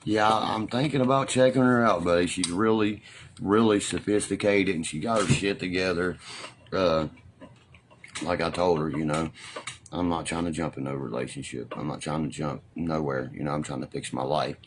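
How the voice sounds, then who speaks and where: A man's voice: low voice, steady tone, normal speed, slight background noise. A middle-aged man, rambling and swearing in casual live-stream chat, full of fillers. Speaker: livestreamer.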